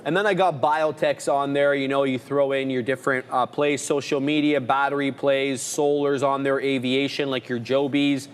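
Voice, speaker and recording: A man's voice: medium pitch, normal speed, hardly any pauses, clean tone, long reverb tail. A man co-hosting a live trading show, casually rambling through his watch list. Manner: relaxed, rambling, lists stock names.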